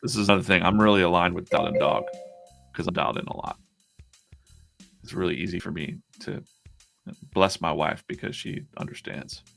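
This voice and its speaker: A man's voice: low-pitched, steady tone, fairly quick, creaky, long pauses, fairly bright tone, soft background music. A man hosting a casual live stream as a comic artist, chatting in a rambling way with many restarts.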